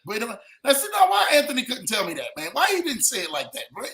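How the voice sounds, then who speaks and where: Hyped guy hosting, high bright voice, says man every other word. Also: huge pitch swings, fast talker, vocal fry, poor audio. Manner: hyped, repeats "man" constantly, laughing. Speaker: podcast host. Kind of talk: casual show sign-off chat.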